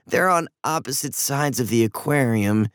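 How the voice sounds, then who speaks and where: A man voicing an anxious, stubborn young girl in a storybook reading, pitched up high and tearful. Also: lively intonation, moderate pace, clear, resonant tone, no room sound, studio quality, natural voice. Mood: lively.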